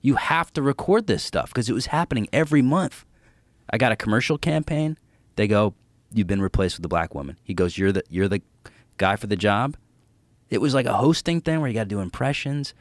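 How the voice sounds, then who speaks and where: Swearing freely, a male comedian guest spins animated stories in relaxed podcast talk, mimicking the voices of whoever he quotes. He speaks a little fast in a lowish voice, with no room sound.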